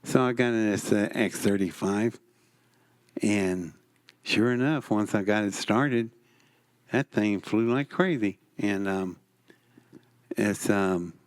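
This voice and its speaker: A man's voice: on the low side, slow, pauses often. A man telling wry, folksy stories on stage at an expo. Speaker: expo speaker. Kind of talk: storytelling on stage.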